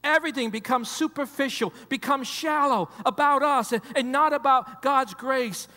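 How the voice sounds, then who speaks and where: Male pastor, high voice, preaching in a church hall with a long echo. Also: normal speed. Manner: preaching with repetitions, swings from loud emphasis to hushed. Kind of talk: sermon. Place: church sanctuary.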